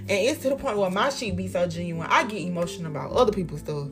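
A woman's voice: on the low side, expressive, fast talker, music in the background. A young woman giving life advice in a casual motivational monologue, heartfelt and emphatic, repeating lines for effect, with slangy, profane talk.

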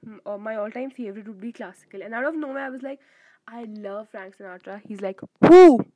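A young woman telling a rambling, animated story to her viewers in casual chat, gushing with emphatic bursts. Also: fairly high pitch, brisk, no room sound, low-quality recording. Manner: rambling with fillers and self-corrections. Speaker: vlogger.

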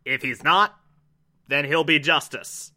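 A man voicing a calm, scheming young male genius who talks low and self-satisfied. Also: unhurried. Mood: smooth persuasive.

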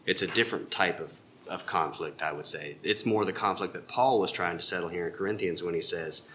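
A man leads an evening Bible class in an earnest, emphatic manner. His voice is low but carries a bright, forceful edge, with a faint hiss of background noise. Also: brisk. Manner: earnest, emphatic explaining with rhetorical questions. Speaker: Bible school teacher.

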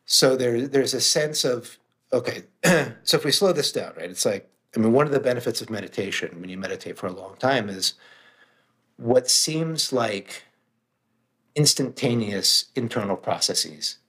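A man's voice: mid-range voice, lively intonation, moderate pace, a bit bright. A middle-aged man, a guest author and meditation teacher, talking emphatically and plainly in casual conversation, sometimes swearing for emphasis.

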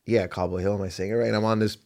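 A man from Canada, a comedian guest in a casual podcast chat, telling animated stories and laughing often as he acts out what people said. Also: fairly low pitch, very fast, gravelly. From Windsor, Canada.

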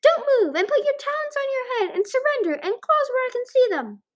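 A woman voicing an eager, bossy young female dragon guard who yells shrill orders in a storybook reading. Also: big pitch swings, a little fast. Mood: shouting.

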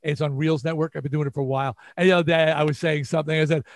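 Clean studio sound with no echo captures an older guest musician with a New York accent, from the New York area, talking rapid-fire in a fairly high voice with vocal fry. He's animated in this storytelling interview, acting out quotes.

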